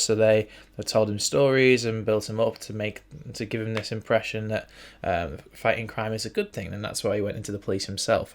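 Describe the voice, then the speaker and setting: A young man hosting a casual writing tutorial, chatting and thinking aloud as he works through a form. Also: on the low side. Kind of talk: casual screen-recorded tutorial. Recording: faint background noise and typing clicks.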